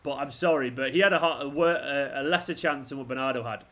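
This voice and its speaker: A man's voice: mid-range voice, quick pace, fairly bright tone. A young man hosting a football watchalong stream, ranting at the players on screen and swearing often. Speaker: fan channel host. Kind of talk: live football watchalong commentary.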